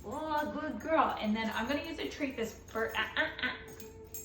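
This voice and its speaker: A woman dog trainer explaining a training demonstration while playing, switching between excited praise and firm commands. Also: high voice, measured pace, echoey room, far from the mic, soft background music.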